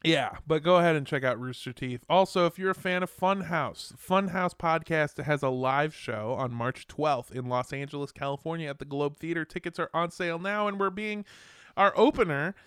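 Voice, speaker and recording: A man from the States hosting a podcast, swearing and joking as he plugs the show. His voice sits a touch high and the sound is close and dry, with no room around it. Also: normal speed, clean tone, dry recording. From United States. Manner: joking, profane, loud impressions of friends. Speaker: podcast host. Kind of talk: casual chat.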